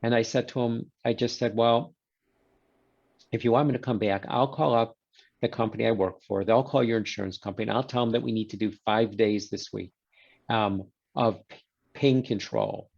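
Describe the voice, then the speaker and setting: A man's voice: fairly low pitch, moderate pace, vocal fry, muffled recording. A man, a guest in a conversation, telling a story and acting out the quoted exchanges. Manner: animated storyteller who voices quoted exchanges.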